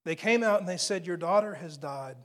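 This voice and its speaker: Man, preacher, high-pitched, dramatic sermon, drops to hushed whispers, emphatic repetition. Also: brisk. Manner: dramatic shifts to hushed, near-whispered scripture quotes.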